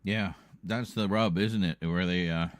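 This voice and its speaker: A man's voice: low voice, fairly even intonation, unhurried, no echo. A man hosting a livestream in loose, rambling casual chat, often breaking into laughter. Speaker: livestream host.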